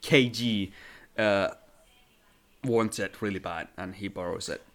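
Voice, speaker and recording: A man's voice: lowish voice, a little slow, fairly bright tone. A man chats about a movie on a podcast, speaking English as a second language. He hesitates often, restarting his sentences and filling gaps with "um" and "uh". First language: not English. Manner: hesitant, many fillers and restarts. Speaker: podcast co-host. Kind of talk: casual film discussion.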